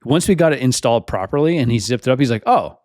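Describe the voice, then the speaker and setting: An easygoing man co-hosting a podcast, retelling anecdotes and laughing often. His voice sits at a middle pitch, and the sound is close and dry with no room echo. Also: expressive, very fast, dark tone. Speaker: podcast co-host. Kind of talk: casual chat.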